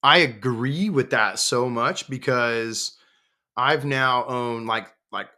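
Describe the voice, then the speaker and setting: A man's voice: mid-range voice, slow pace, bright, forceful tone. A man talking casually as a podcast guest, easygoing and chatty, tossing in "dude" and "y'all". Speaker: podcast guest, dog business owner.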